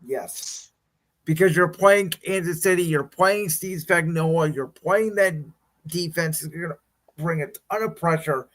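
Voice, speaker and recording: A man's voice: fairly high pitch, measured pace, a bit bright. A man co-hosting a casual sports podcast, his voice weakened by illness, talking with hesitant restarts but firm opinions. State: weak voice from illness. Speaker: podcast co-host.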